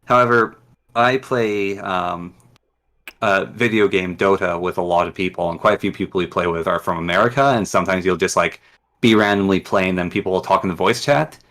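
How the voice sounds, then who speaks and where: A man with a Northwestern Canadian accent talks in a low, plain voice. He rambles through a casual interview, full of ums and restarts. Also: fairly quick, a bit bright. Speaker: guest.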